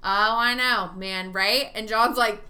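A tipsy woman telling stories in casual chat, animated and swearing freely. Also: mid-range voice, slow, crowd noise. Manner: animated, profane storyteller. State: tipsy from drinking.

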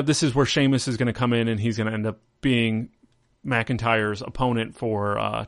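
A man's voice: mid-range voice, vocal fry, a bit bright, dry recording. Rambling male podcast host, dry sound. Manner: rambling, acts out quotes in mocking voices. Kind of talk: casual wrestling recap.

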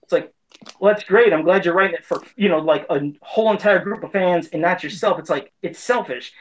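A man's voice: high voice, a little fast, low-quality recording. A man in his forties giving a casual, heated opinion rant as a pop culture commentator, indignant and frustrated.

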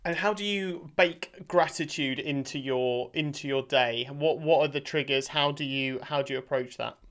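Creaky-voiced British man hosting. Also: on the high side, moderate pace, fairly bright tone. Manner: chatty, filler-heavy, laughs easily. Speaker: podcast host. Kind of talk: casual interview.

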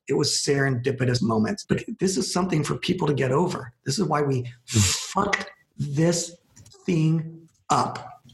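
A man's voice: a little high, vocal fry. A man from Los Angeles, a podcast guest, telling a story in a conversational way and acting out what people said. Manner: animated storyteller, acts out quoted speech. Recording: echoey room.

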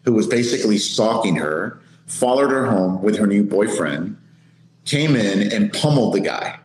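Man, middle-aged, police sergeant, lively anecdotes, roomy room, faint noise. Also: lowish voice, normal speed. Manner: lively, laughing anecdote teller. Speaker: police sergeant, podcast guest. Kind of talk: animated storytelling.

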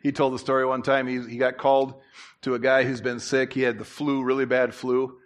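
A man preaching a sermon in church, conversational with asides and restarts, who climbs louder and higher to drive his points home. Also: flat delivery, brisk. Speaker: pastor.

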